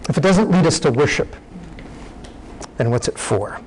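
A man's voice: fairly high pitch, lively intonation, normal speed, slight background noise, poor audio. A man preaching a sermon, teaching in a conversational way, often restarting his sentences.

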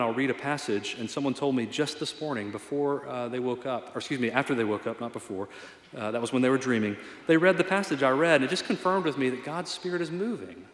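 A man preaching a sermon as a pastor, conversational and earnest, with a self-deprecating touch. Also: mid-range voice. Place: church sanctuary. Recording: echoey hall reverb.

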